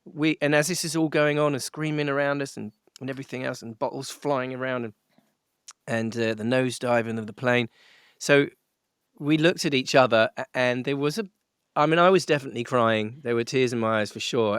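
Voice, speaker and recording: A man's voice: medium pitch, brisk, smooth, no echo. Dry-sounding middle-aged man telling a story. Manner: animated, laughing, full of fillers and restarts. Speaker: guest musician. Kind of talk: storytelling in a podcast interview.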